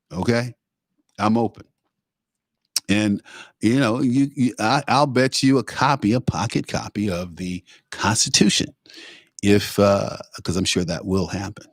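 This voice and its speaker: A man's voice: low-pitched, no echo, clean studio sound. Opinionated male talk show host, rambling. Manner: opinionated, rambling, with frequent fillers and restarts. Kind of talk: live political talk show monologue.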